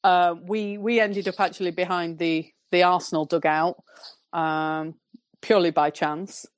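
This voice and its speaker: Low-voiced Northern English woman. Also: measured pace, no room sound, clean studio sound. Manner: relaxed, rambling storytelling. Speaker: podcast guest, football fan. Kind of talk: casual podcast chat.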